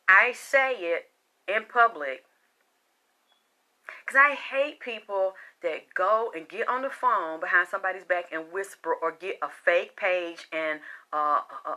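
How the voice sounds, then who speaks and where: A woman giving a heated, profane, confrontational rant straight to her viewers. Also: mid-range voice. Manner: loud and exasperated. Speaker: spiritual reader and vlogger. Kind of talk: unscripted personal rant to camera.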